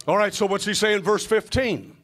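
High-voiced preaching man. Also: expressive, brisk. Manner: call-and-response preaching, shouting and sing-song phrases. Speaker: pastor. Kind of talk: sermon.

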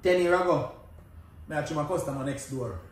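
A man's voice: a little high, fast talker. An older man with a Jamaican accent, telling laid-back stories in patois in a casual chat. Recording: echoey, distant mic with faint background hiss.

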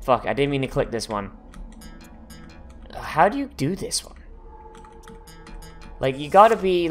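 A man's voice: a little high, very animated, normal speed, long pauses, soft background music. A man doing casual gameplay commentary, swearing often and breaking into frustrated outbursts. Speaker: let's player.

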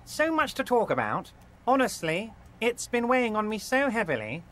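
An actor playing a large, smooth-talking union boss who is friendly on the surface and manipulative underneath. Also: male voice, sits high, very animated, moderate pace, a bit bright. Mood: scheming. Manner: oily, soothing, overly friendly. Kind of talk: video game voice acting.

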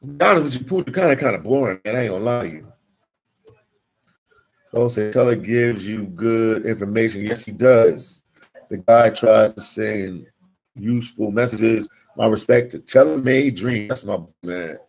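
Reading out his viewers' comments, a man streaming from the Dominican Republic chats casually in slang and responds with lively energy. His voice sits on the low side at a moderate pace, and the recording is rough.

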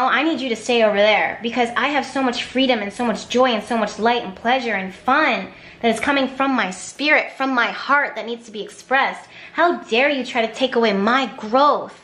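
Woman, tarot reader, emphatic, repetitive, slightly high voice, echoey room. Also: fairly bright tone. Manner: emphatic, repetitive, exasperated at times. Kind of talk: intuitive tarot reading to camera.

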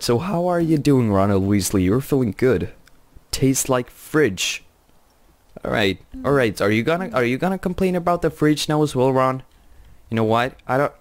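A young man hosting a game let's play, talking quietly and rambling, with frequent repeated phrases and chuckles. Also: mid-range voice, no room sound. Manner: hushed, talking quietly so as not to wake someone. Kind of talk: casual game commentary.

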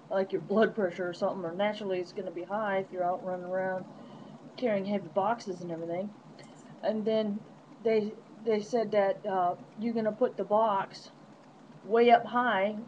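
A woman's voice: mid-range voice, a little mellow, dull audio, a little hiss or hum. A woman vlogging from a hotel room into her netbook webcam, chatty and rambling, laughing often. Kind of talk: casual webcam diary. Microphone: netbook webcam microphone.

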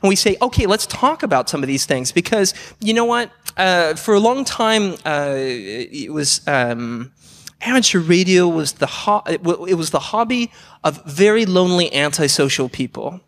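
High-voiced, animated man giving a talk. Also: normal speed, in a large hall. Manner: enthusiastic, asks the audience questions. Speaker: conference presenter. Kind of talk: conference talk. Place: conference hall.

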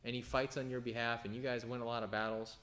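Man preaching in a loose, animated way. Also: quick pace. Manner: informal, animated preaching with frequent restarts and sudden emphatic high bursts. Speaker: pastor. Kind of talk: conversational sermon.

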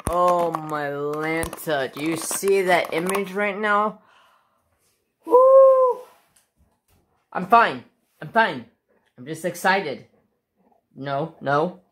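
A woman's voice: on the low side, drawn-out words, pauses often, a bit bright, a little hiss or hum. A woman hosting a casual craft-channel unboxing vlog at home. She gushes and exclaims again and again, and talks to her dog between remarks. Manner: gushing, exclaims over and over; chats to her dog while talking.

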